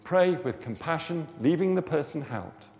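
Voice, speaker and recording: A man with a fairly high, slightly mellow, expressive voice preaches informally on healing prayer at a moderate pace. His chatty, storytelling style builds to fervent emphasis. The recording carries a long hall reverb and faint background noise.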